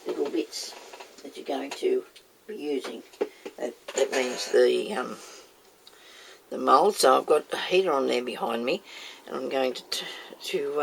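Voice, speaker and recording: Gravelly low-voiced woman chatting while crafting. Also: a little hiss or hum. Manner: chatty, talks herself through tasks. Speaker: crafter demonstrating mould making. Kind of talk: casual how-to video.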